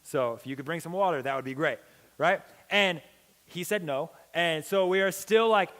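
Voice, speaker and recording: A young man giving a youth sermon as a pastor, telling a story with lively acted-out dialogue. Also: moderate pace. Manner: animated, acts out quoted dialogue with big pitch swings. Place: church hall. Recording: long hall reverb.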